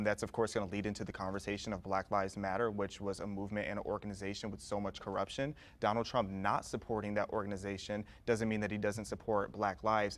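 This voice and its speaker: A man in a debate, making his case firmly and without pause. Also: lowish voice. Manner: firm, rapid, steady delivery. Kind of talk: argumentative debate.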